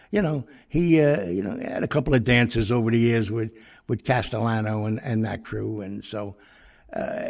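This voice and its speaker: A man's voice: fairly low pitch, creaky, darkish tone, husky. An older man tells a rambling, profane anecdote, full of fillers and restarts. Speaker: storyteller. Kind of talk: casual anecdote.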